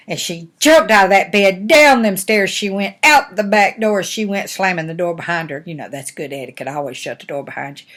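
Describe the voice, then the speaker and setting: An older woman, a grandmother, telling a bedtime-style fairy tale to her grandchildren in a folksy, animated, homespun way. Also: mid-range voice. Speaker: grandmother reading stories. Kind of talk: storytelling to grandchildren.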